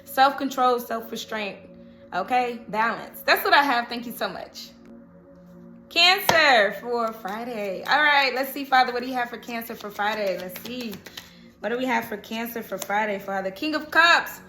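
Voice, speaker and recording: A tarot reader gives a casual reading in a slightly high, bright, forceful voice at a normal pace. She's chatty, laughs a lot, and keeps asking "okay?" to check in with the listener. Soft music plays underneath, and the room has an echo.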